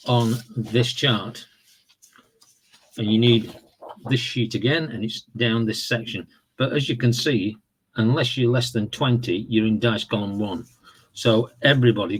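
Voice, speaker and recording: A man casually walking through the rules of a horse racing board game, explaining in a relaxed, rambling way with fillers and self-corrections. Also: lowish voice, slightly rough. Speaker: tabletop game reviewer. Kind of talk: casual tabletop game walkthrough.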